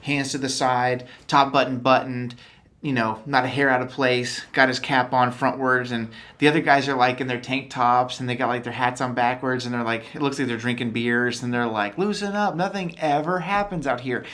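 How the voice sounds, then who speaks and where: A man co-hosting a relaxed podcast, telling stories with lots of animation and jumping into quotes. His voice sounds a little tired, at an everyday middle pitch. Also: moderate pace. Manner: animated storyteller, acts out quotes. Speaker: podcast co-host. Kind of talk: casual chat.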